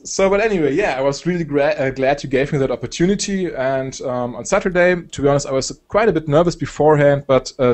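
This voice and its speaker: A young man from Germany with a German accent, chatting casually as a guest, relaxed and hesitant with many fillers. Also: on the high side. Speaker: guest, game shoutcaster. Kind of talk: casual chat.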